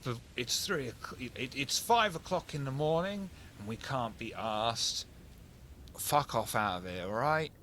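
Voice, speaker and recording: A man's voice: medium pitch, animated, a little slow, sharp tone, a little hiss or hum. A man voicing weary, impatient male police officers with a Cockney accent, brusque and dismissive. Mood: fed up.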